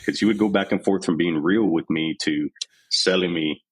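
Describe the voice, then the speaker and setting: A very deep-voiced man in his forties, from Texas, talking with a husky grain as a podcast guest. He retells his army years candidly and with animation, slipping into the voices of people he quotes. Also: normal speed, poor audio. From San Antonio, Texas. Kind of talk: candid storytelling interview.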